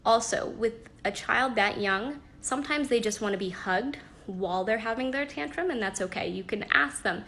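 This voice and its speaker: Chatty gravelly-voiced young mother. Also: on the high side, normal speed, few pauses, a little hiss or hum. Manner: chatty, practical, with frequent fillers and soft laughs. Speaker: parenting advice host. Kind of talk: casual live-stream talk. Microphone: phone.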